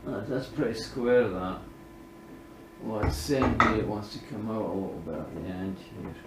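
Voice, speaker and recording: A man's voice: on the low side, moderate pace, echoey room, very noisy. Chatty man muttering through workshop jobs. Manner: chatty, talks himself through each step, often muttering under his breath. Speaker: DIY woodworking vlogger. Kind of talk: casual workshop demonstration.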